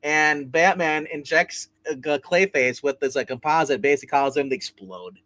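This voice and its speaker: A man hosting a casual comic book review, rambling through the plot with plenty of fillers and quick put-on character voices. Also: on the high side, pushed and bright, dry recording.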